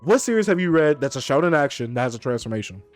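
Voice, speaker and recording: A man hosting a stream in casual chat, animated and teasing, quick to argue his point. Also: mid-range voice, soft background music. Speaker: streamer host.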